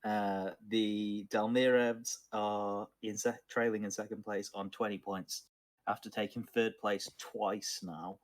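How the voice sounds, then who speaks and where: Man, low voice, game master recapping, monotone, halting with fillers. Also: no echo. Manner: halting, many ums and uhs, self-described monotone. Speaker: dungeon master. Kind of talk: narrating a tabletop game recap.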